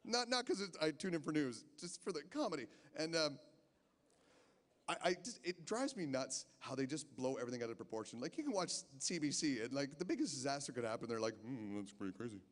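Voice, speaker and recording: A man's voice: a little high, very animated, brisk. A man doing a rambling stand-up set in a casino, stammering through restarts. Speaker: stand-up comedian. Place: casino stage. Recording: long hall reverb from a live venue.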